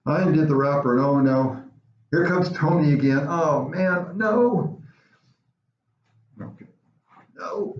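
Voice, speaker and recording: A man tells a personal story in a slightly high voice. He is animated and pauses for effect. The sound is roomy and dull, like a lo-fi recording.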